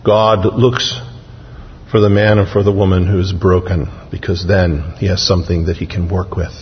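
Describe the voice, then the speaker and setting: A man preaching a sermon in an earnest, repetitive cadence, stressing his key phrases slowly. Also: sits low, level tone, slight background noise. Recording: dull, muffled audio with long reverb.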